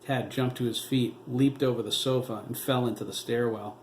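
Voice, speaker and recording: A man, the author, reading his novel aloud as steady audiobook narration. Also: mid-range voice, normal speed. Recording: roomy echo, faint noise.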